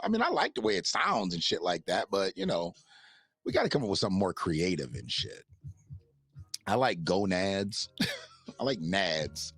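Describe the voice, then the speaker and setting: A man's voice: deep voice, gravelly, fairly bright tone, breathy edge, no room sound. A man hosting a livestream in casual commentary, rambling and swearing, laughing often and reading out chat messages. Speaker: livestream host.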